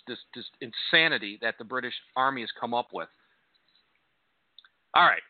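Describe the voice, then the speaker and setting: A man hosting talk radio, scoffing and sarcastic as he comments, now and then mimicking people in a mocking voice. His sound is thin and phone-like, with no room echo at all. His pitch sits in the middle of the male range. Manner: sarcastic, scoffing, mocks in a high voice. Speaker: radio host. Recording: dry, tinny phone-like sound.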